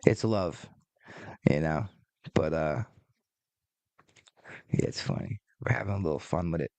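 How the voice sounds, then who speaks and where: A man's voice: sits low, unhurried, creaky, darkish tone, no echo. A man in his forties hosting a podcast, ranting casually with lots of swearing and rambling asides. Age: 40s. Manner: profane, rambling, exasperated. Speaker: podcast host.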